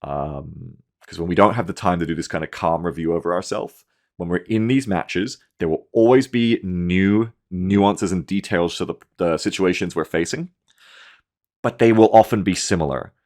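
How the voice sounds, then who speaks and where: Talking through a game replay, this thirtysomething man keeps things casual with his slightly low voice. He swears without holding back and grows animated, mimicking his own panic in short bursts.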